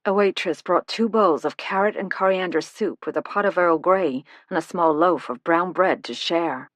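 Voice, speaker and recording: Female audiobook narrator, low voice, measured first-person reading. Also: no echo.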